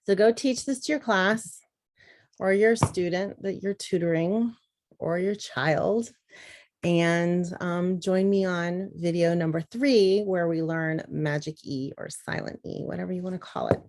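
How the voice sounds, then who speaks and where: Slow, patient woman teaching phonics. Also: on the low side, a little mellow. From Southern US. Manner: slow, patient, sounding out words.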